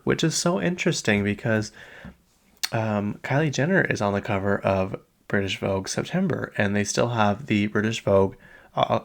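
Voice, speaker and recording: A young man in his late twenties hosts a solo pop-culture chat, rambling and chatty with plenty of fillers. His voice sits low with a gravelly, fry-heavy edge. He talks loosely and unscripted, as if thinking aloud. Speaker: podcast host.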